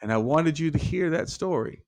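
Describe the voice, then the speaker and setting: A man, a life coach guest on a podcast, telling a parable with lively acted-out dialogue. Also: a little high, moderate pace. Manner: animated storyteller acting out dialogue. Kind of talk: storytelling in conversation.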